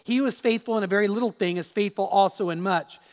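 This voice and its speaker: A man's voice: high voice, quick pace, long reverb tail. A man preaching a sermon as pastor, telling a personal story with restarts and repeated words.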